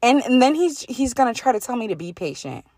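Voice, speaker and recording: A woman's voice: on the high side, very animated, brisk, darkish tone, no echo, studio quality. A young woman hosting a podcast, chatting casually and animatedly, reading out text messages and swearing freely. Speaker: podcast host. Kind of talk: casual storytelling chat.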